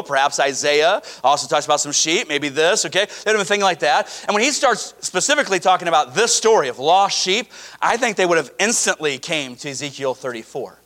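A man preaching a sermon to his congregation, emphatic and animated, mixing scripture reading with casual asides. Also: high-pitched. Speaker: pastor.

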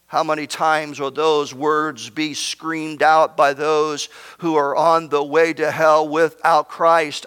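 A man preaching a sermon as pastor, swinging from emphatic near-shouts down to hushed, almost whispered lines. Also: fairly high pitch, level tone, slow pace, clean tone, in a large hall. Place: church sanctuary.

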